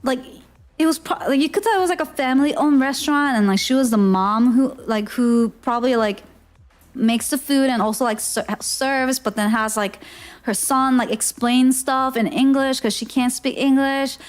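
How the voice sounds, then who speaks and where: A woman's voice: sits high, moderate pace, faint music behind. A young woman from Korea, telling a story in a chatty, giggly way with lots of fillers. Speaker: streamer. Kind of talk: casual storytelling.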